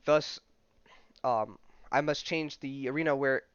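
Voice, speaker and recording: A man's voice: mid-range voice, a little slow, smooth, dry recording, lightly acted. A man voicing a proud male undersea prince who talks in lofty, archaic phrases, in a dull, dry recording. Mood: defiant.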